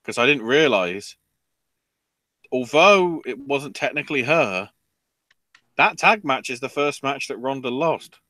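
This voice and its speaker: A man's voice: mid-range voice, expressive, a little slow, long pauses, bright, forceful tone, no echo. A man co-hosting a podcast, rambling through wrestling news in a casual chat full of fillers. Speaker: podcast co-host.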